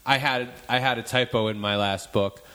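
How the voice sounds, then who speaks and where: A man, an author, chatting casually in a halting way, stammering and restarting his sentences. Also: mid-range voice, fairly even intonation, pushed and bright, clean tone. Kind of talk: casual chat.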